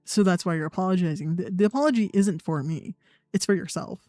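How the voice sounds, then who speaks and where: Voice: mid-range voice, quick pace, a little mellow, no room sound, studio quality. A young adult livestreamer, in blunt, profane, sarcastic casual chat. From United States. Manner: sarcastic, mocking mimicry of others. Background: faint background music.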